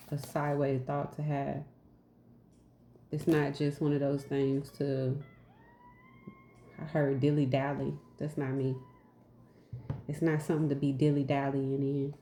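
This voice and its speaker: Low-voiced woman giving a spiritual message. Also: mellow, echoey room, a little hiss or hum. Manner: repetitive, emphatic, asks "right?"; goofy and laughing at herself. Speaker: spiritual teacher.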